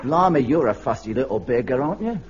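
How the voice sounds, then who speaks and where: A man's voice: medium pitch, very animated, fast talker, crowd noise, background noise, lightly acted. An actor playing a breezy, cheeky odd-job workman with a blunt manner in a radio sitcom, heard on a dull archive recording. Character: cheeky Cockney odd-job workman, middle-aged man. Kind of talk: 1970s radio sitcom acting.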